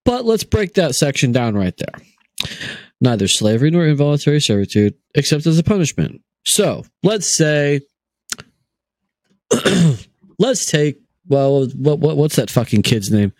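A man's voice: a little high, big pitch swings, slow pace, a little mellow, no echo. A young man hosting a podcast, joking and swearing through casual banter. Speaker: podcast host.

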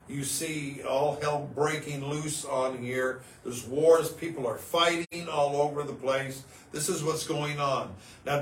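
A man co-hosting a religious podcast, earnest and dramatic, firing off rhetorical questions. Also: a little high. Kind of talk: casual religious podcast chat. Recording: roomy, distant mic, faint noise.

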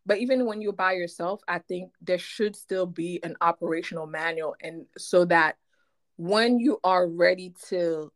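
A woman's voice: on the low side, moderate pace. Playful woman with a Haitian French accent. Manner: playful, expressive storyteller. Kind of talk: casual chat.

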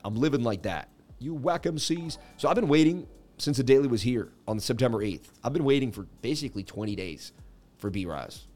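A man with a lowish, somewhat dark voice hosts a crypto market livestream, keeping things jokey and chatty. He reads viewer comments out loud as part of his casual market commentary.

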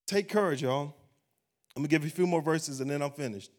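A man's voice: on the high side, fairly even intonation, fast talker, a little mellow. A man, a pastor preaching a sermon at a church service and closing in a rising, fervent prayer.

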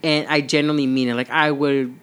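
A man's voice: medium pitch, level tone, fairly quick, a bit bright, clean tone. A young adult man co-hosting a casual chat, talking earnestly and rambling with many fillers. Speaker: podcast co-host.

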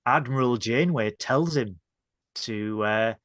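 A man's voice: medium pitch, measured pace, fairly bright tone. A man from the north of England, co-hosting a podcast review in casual chat and playfully acting out scenes. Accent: Northern English. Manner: playful, acts out scenes in mock voices. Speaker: podcast co-host.

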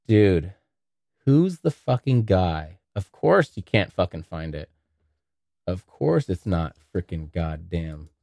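A man's voice: fairly low pitch, darkish tone, dry recording, clean studio sound. A man hosting a podcast, rambling through a casual monologue full of profanity. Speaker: podcast host.

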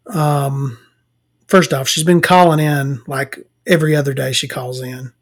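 The voice is a rumbling low one with a breathy edge, steady in tone and a little slow. It belongs to a Southern US woman vlogger who laughs while ranting casually to camera with blunt, profane tales from work.

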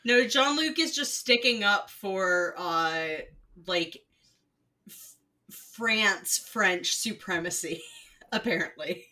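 A woman co-hosting a comics podcast and dropping wry quips. She talks slowly with a bright tone, and she sounds a little distant from the mic. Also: medium pitch. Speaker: podcast co-host. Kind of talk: casual comedic podcast chat.

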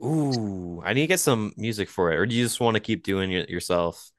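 A man's voice: fairly low pitch, animated, a little fast, dry recording. A man co-hosting a podcast in casual chat, tossing in dry, teasing quips. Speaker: podcast co-host.

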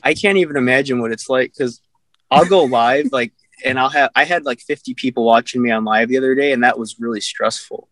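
A man's voice: medium pitch, a little fast, fairly bright tone, dry recording. A young man chatting casually on a podcast, telling rambling stories and laughing at himself. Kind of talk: casual chat.

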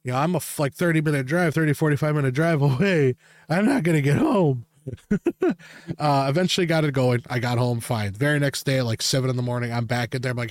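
A man's voice: mid-range voice, brisk, no echo. A man hosting a podcast, telling a crude, rambling story in casual chat and laughing often. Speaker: podcast host.

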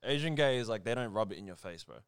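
A man's voice: lowish voice, lively intonation, fast talker. A man in casual podcast chat, talking earnestly and ramblingly, swearing casually. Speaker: podcast co-host.

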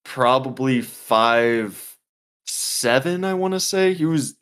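A young man spins a long story on a casual podcast. He talks loosely, swears freely, and leans on "like" and "dude" at every turn. His voice sits at an ordinary middle pitch. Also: animated, takes it slowly, a bit bright, clean tone. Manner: profane, rambling, heavy on "like" and "dude". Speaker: podcast co-host.

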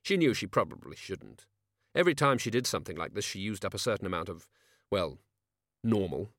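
A man narrating an audiobook with a measured, expressive reading. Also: lowish voice, no room sound, clean studio sound.

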